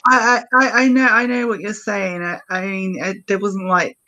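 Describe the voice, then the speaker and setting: A woman's voice: mid-range voice, little pitch movement, normal speed, sharp tone, dull audio. A woman on a podcast, telling a personal story hesitantly, with many fillers. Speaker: guest. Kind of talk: casual storytelling.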